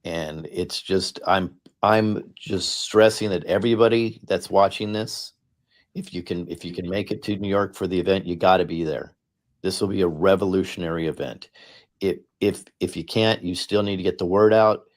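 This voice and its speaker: A middle-aged man with a very low, deep voice talks with earnest conviction, hammering his points by repeating phrases. He speaks like a guest on a discussion panel. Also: steady tone, moderate pace. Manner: earnest, repetitive, emphatic. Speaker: guest speaker, political candidate. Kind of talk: impassioned panel talk.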